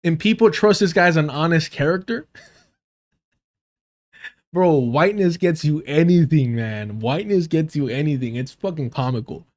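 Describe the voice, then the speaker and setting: A man's voice: on the high side, normal speed, darkish tone. A man hosting a livestream, giving sarcastic, profane reaction commentary and talking straight to his chat. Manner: addresses chat directly. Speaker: livestream host.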